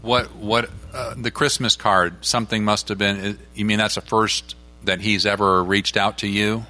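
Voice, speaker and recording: A man with a very deep voice and a bright, forceful tone answers callers on a call-in show. He explains things plainly, like a teacher. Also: level tone, normal speed.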